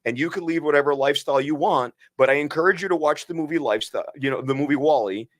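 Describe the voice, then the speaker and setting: A man's voice: a little high, quick pace, dry recording, studio quality. A man co-hosting a podcast as a physician, speaking earnestly and emphatically, often restarting his sentences. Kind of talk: impassioned podcast conversation.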